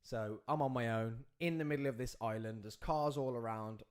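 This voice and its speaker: Man hosting a podcast, telling a wild story with plenty of energy and mid-range pitch. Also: normal speed, clean tone. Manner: excitable, acts out the scenes with swings in pitch and loudness. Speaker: podcast host. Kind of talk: animated storytelling.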